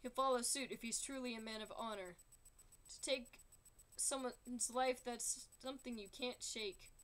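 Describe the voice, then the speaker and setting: A woman's voice: fairly high pitch, steady tone, a little slow, fairly bright tone. A woman singing as a grave, worried father. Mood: stern. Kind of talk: singing along while drawing.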